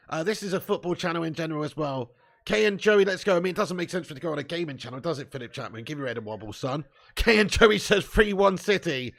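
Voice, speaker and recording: A man from England hosting a live football watch-along, chatting with viewers, joking, swearing and laughing, with sudden loud outbursts. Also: on the high side, creaky. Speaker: football fan channel host.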